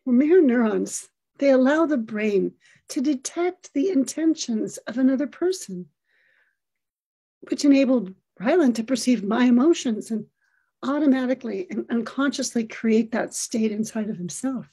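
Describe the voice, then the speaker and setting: A middle-aged woman giving an earnest, expressive storytelling talk, acting out the lines of the people in it. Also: on the high side, normal speed, slightly rough.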